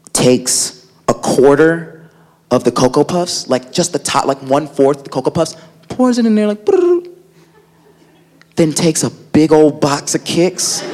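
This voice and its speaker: A man doing a stand-up routine, acting out family members in animated voices. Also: fairly high pitch, creaky. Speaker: stand-up comedian. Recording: live club recording with crowd noise.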